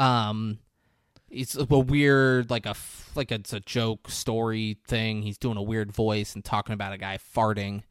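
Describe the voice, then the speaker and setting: A man's voice: fairly low pitch, a little slow, clean tone, no room sound, studio quality. A man hosting a casual comedy podcast, retelling a film scene by scene and jumping into voices for the characters, blunt and profane when he jokes. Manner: animated storytelling, jumps into voices for the characters. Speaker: podcast host recapping a movie. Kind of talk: casual comedic movie recap.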